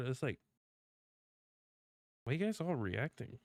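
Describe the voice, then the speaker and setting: A man's voice: medium pitch, lively intonation, normal speed, no room sound, studio quality. A male streamer talking casually in a rambling rant, repeating himself, swearing often and restarting his sentences.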